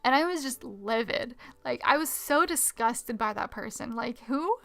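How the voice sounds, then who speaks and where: A woman chatting casually on a live art stream while she draws, telling a story in a rambling, animated way full of fillers. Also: fairly high pitch, moderate pace, creaky. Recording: faint music in background.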